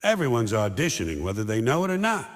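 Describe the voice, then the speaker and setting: An older male stand-up comedian delivers a sardonic monologue, mocking and ranting in short, punchy lines. His mid-range voice moves fast with big pitch swings, and a long hall reverb trails it.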